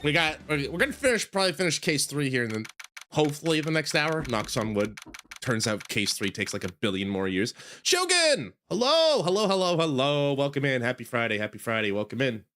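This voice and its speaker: A man's voice: medium pitch, very animated, fairly quick, a bit bright, a little hiss or hum. A man chatting casually on a game livestream, rambling and joking at his own expense while greeting viewers. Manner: rambling, jokey and self-deprecating, greets chat. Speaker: game streamer.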